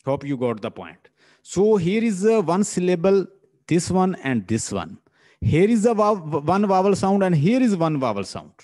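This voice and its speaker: A man's voice: high voice, very animated, normal speed, darkish tone. A man with a Pakistani English accent teaching a linguistics lesson, repeating points and sounding out words syllable by syllable. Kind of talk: classroom lecture.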